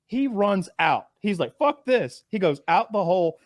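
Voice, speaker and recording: A man's voice: high voice, lively intonation, moderate pace, no room sound. A man on a casual podcast, telling a story with acted-out quotes and a lot of swearing. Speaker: podcast co-host.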